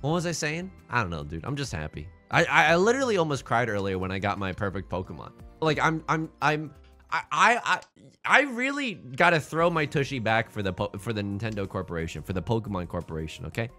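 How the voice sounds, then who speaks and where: Bright, animated man rambling over game music. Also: medium pitch, brisk. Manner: rambling, goofy, jokey asides. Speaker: streamer. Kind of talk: casual game commentary.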